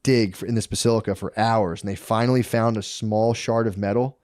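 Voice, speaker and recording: A man's voice: fairly low pitch, fairly even intonation, brisk, a little mellow, no room sound, clean studio sound. A man co-hosting a podcast, retelling history in a rambling, profane way full of bro slang. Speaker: podcast co-host. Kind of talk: casual history storytelling.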